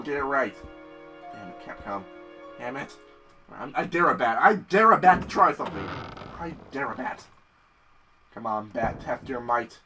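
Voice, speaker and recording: A young man commentating his gameplay, excitable and profane, often yelling at the game. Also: medium pitch, recorded from a distance. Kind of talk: let's play commentary.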